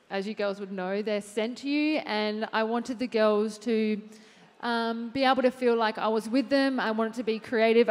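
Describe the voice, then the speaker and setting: A woman, a fitness trainer, chatting as a guest in a live on-stage interview, unassuming and full of fillers. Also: a little high. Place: large event hall with audience. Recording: long hall reverb from a live stage.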